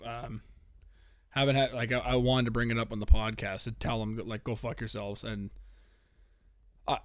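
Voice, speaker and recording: A young man hosts a solo podcast, venting loudly with constant profanity and stammering restarts. His voice sits in an ordinary middle range. The recording is close and completely dry, with no room sound. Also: medium pitch, dry recording. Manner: profane, animated ranting with frequent stammered restarts. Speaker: podcast host.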